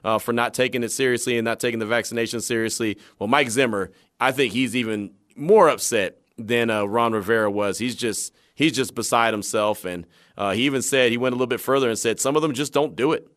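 A male sports talk host with a middle-pitched voice, speaking casually and conversationally. He breaks news down in an easygoing way, now and then acting out little scenes. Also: a little fast, few pauses. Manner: conversational, animated storytelling with acted asides.

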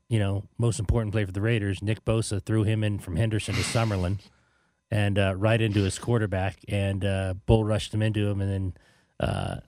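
A man's voice: on the low side, a little mellow, no room sound, clean studio sound. A man co-hosting a casual sports talk show, arguing his grades with rhetorical questions.

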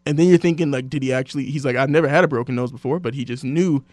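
A man hosting a casual sports podcast, telling stories and quoting others in lively voices. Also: medium pitch, rapid-fire, dry recording, studio quality. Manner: animated storyteller, quotes others in voices. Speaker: sports radio host.

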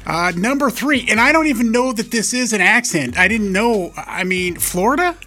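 A man's voice: high-pitched, expressive, normal speed, bright, forceful tone. A man from Idaho co-hosting a morning radio show, chatty as he reads out a list. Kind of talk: casual radio banter.

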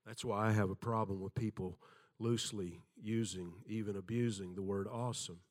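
A man's voice: lowish voice, steady tone, moderate pace. An older man preaching a sermon, telling folksy stories with self-deprecating humor and acting out the voices in them.

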